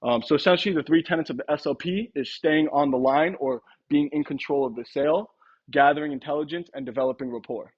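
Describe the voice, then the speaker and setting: Fast-talking man giving a sales lesson. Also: fairly high pitch, lo-fi sound. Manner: casual, quick, acts out little sample dialogues. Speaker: sales trainer. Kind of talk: instructional talk.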